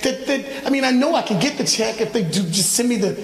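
A man preaching a sermon, telling a personal story in an animated way and acting out his own phone calls. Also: very high-pitched, fast. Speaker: pastor. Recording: echoey church hall from far off.

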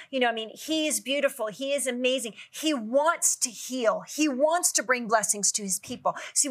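Guest author, woman, earnest preacher's delivery, bright and slightly high. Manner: earnest, preacherly, scripture-quoting. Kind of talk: faith talk show conversation.

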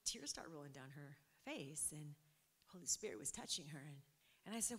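Woman, middle-aged, preacher, sermon testimony, animated storytelling, fairly high voice. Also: normal speed. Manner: animated storytelling, acting out quotes, laughing.

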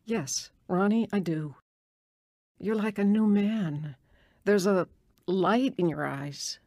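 A gentle, worried mother. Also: medium pitch, takes it slowly, dry recording, studio quality. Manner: soft, pleading. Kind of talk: radio drama acting.

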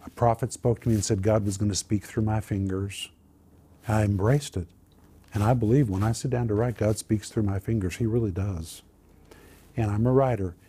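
A man, a Christian minister and author, telling a personal testimony as an earnest, animated storyteller. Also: lowish voice, husky.

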